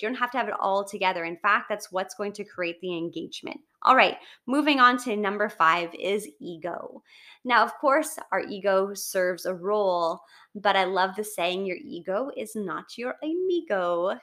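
A woman's voice: medium pitch, a little slow, a bit bright. A woman giving a chatty, encouraging motivational talk, often checking in with "right?".

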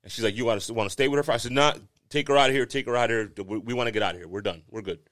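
A man's voice: medium pitch, very fast, a bit bright. A man co-hosting a casual podcast, telling a long story with plenty of swearing and laughter. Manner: storytelling, swearing, laughing through a sad tale. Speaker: podcast co-host.

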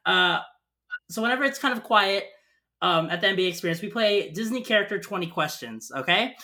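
A man hosts a casual podcast with a bright, slightly tense voice. He is upbeat and chatty, and he is easily moved by what his guest tells him. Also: high-pitched, expressive, brisk. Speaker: podcast host.

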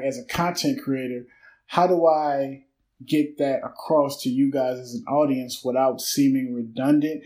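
A man's voice: mid-range voice, a little mellow, poor audio. Candid, reflective man in his thirties. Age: 30s. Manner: candid, rambling, swears freely, reflective. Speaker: podcast host. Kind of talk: unscripted solo podcast monologue.

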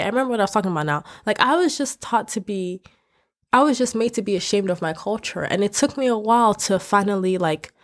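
A young woman from West Africa hosting a podcast, talking candidly in an animated, ranting way. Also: medium pitch. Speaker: podcast host. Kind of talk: casual podcast rant. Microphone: podcast microphone.

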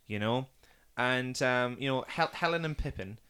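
A young man hosting a casual film chat, rambling with fillers and restarts and bursting into excited impressions. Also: medium pitch, normal speed, a crowd in the background. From Northeast England. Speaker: podcast host.

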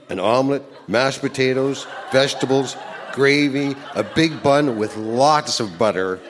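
An older man reading his old letters aloud to an audience in an earnest, plain way. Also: mid-range voice. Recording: background noise.

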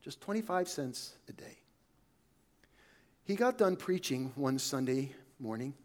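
A man preaching a sermon, telling a story in a conversational way that often sinks to a soft hush. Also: medium pitch, lively intonation, measured pace.

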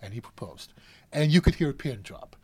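Animated man telling a story. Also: mid-range voice, a little fast, breathy edge. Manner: animated storyteller acting out voices. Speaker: cable car gripman, interview guest. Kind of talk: storytelling in a podcast interview.

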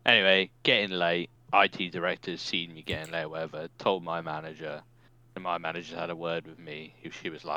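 A young man with a low, bright and forceful voice, chatting loosely on a podcast. His telling is laid-back, full of swearing and laughs, and the sound is dry and close with no room around it. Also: fairly even intonation, a little fast, dry recording, dull audio. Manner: laid-back storytelling, swears often, laughs through stories. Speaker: podcast co-host. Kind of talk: casual chat.

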